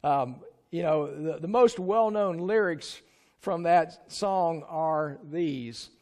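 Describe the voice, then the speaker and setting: A man preaches in a church in an easy, talky way, as if chatting with the people in the pews. His voice sits a little on the high side. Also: slow, darkish tone. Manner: conversational, chuckles and sings snatches to the congregation. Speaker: pastor. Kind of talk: sermon. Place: church sanctuary.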